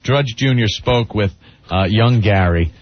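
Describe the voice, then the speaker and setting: A man's voice: fairly low pitch, unhurried. Sarcastic male radio co-host. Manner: sarcastic, gleeful. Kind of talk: casual radio banter. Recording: dull lo-fi radio broadcast.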